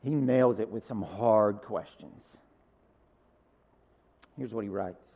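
A man's voice: on the low side, slow pace, dark tone, long reverb tail, muffled recording. A male pastor preaching a sermon in a conversational way, with asides and rhetorical questions.

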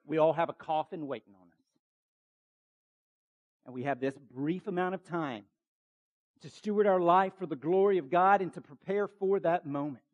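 A man preaching a sermon as pastor, urgent and emphatic, with quick asides to the congregation. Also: on the high side, lo-fi sound.

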